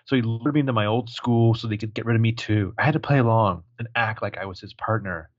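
A man co-hosting a recap podcast in a casual chat, animated and swearing as he retells scenes. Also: on the low side, fast talker, no room sound, highs cut off. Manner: animated, swearing, jumping into voices for quoted lines. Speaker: podcast co-host recapping a TV episode.

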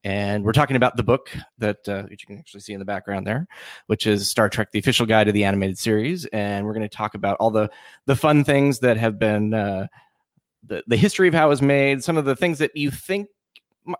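A male podcast host with a somewhat low voice, chatting casually. He rambles and restarts often, full of fillers. The sound is dry and close, with no room around him. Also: brisk, no echo. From Washington State. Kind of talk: casual chat.

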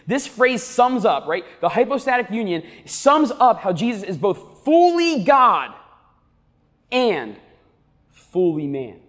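High-voiced man preaching in a reverberant hall. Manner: emphatic preaching, slows down to stress key words. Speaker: pastor. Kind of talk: sermon. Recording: long reverb of a large hall.

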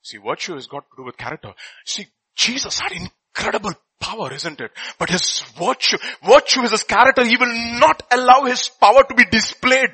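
A man preaching a sermon, reading scripture and swinging from loud bursts to quiet asides. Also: very high-pitched, animated, brisk, slightly rough, rough recording.

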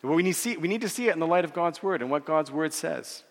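A man preaching earnestly, with a slightly high pitch, repeating words as he goes and slowing down for scripture quotes. His voice carries a long reverb, as from a church hall. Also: expressive. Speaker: pastor. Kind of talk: sermon.

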